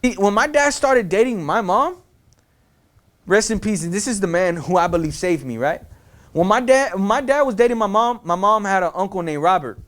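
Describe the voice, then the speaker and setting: High-voiced man, slangy animated storytime, repeats himself. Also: normal speed. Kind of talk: casual storytime monologue.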